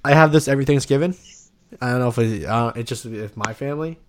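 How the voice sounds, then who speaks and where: Talking fast in a mid-range voice, this podcast co-host trades loud, crude jokes with a friend in easygoing banter, frequently leaving thoughts unfinished.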